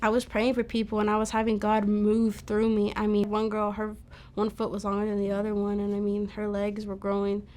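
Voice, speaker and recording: A woman's voice: mid-range voice, completely flat delivery, fairly quick, a little mellow. A young woman giving a personal testimony, telling it casually and quoting herself often. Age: young adult. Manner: casual storytelling, quotes herself, fillers like "like". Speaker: testimony speaker.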